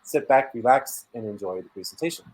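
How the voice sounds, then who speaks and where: Male bookstore host, reads the intro script, formal and even. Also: medium pitch, a little fast, poor audio. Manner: reads announcements and guest bios in an even, formal way.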